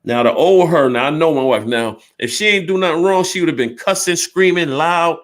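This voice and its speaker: A man's voice: a little high, brisk. A man in his fifties telling a personal story bluntly and candidly, swearing freely and acting out both sides of an argument. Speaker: storyteller recounting his life.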